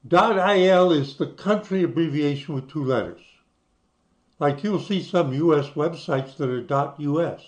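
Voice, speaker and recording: A man's voice: a little high, moderate pace. An older man from the United States who talks you through websites in a casual screen-share, spelling things out letter by letter. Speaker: channel host.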